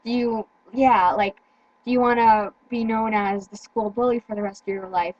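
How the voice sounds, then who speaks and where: A teenage girl in casual chat, speaking earnestly with halting restarts and repeated words. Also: fairly high pitch, fairly even intonation, a little mellow, no echo, dull audio. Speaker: teen vlogger.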